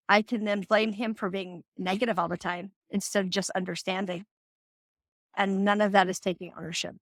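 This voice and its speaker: A woman's voice: mid-range voice, a bit bright, dry recording, clean studio sound. A middle-aged woman hosting a live self-help talk, earnest and coaching, acting out example conversations in her own voice. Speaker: host.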